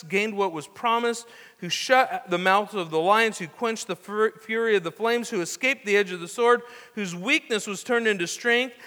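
A man's voice: high voice, sharp tone, in a large hall. A man preaching a sermon in a conversational way, with restarts and asides as he reads scripture. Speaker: pastor.

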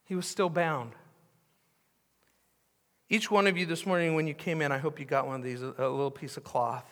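A man preaching from the pulpit with a high, bright and forceful voice. He tells the story with animation, repeats key phrases and now and then sinks to a hush. His voice rings through a long hall reverb in the church. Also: a little fast. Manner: animated storytelling, repeats phrases for emphasis, drops to hushed tones. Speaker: pastor. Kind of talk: sermon. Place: church sanctuary.

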